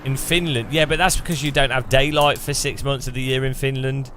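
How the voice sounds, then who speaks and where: An English man talks casually while he plays a racing game, wandering from thought to thought and often restarting mid-sentence. His voice sits at an ordinary middle pitch. A faint car engine hums underneath. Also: steady tone, a little fast, a bit bright, slight background noise. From England. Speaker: gaming streamer. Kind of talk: casual chat over racing gameplay.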